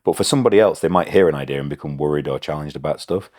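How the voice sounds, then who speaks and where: A man's voice: a bass voice, rapid-fire, a little mellow, no echo, clean studio sound. A man hosting an interview, asking probing questions in a conversational, playful way. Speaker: interview host. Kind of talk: casual interview chat.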